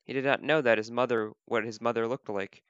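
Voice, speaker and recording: A man reading a children's picture book aloud as a volunteer, gentle, slow and clear. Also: mid-range voice, steady tone, no room sound. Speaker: volunteer reader. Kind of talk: children's storybook read-aloud. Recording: dull, lo-fi dry recording.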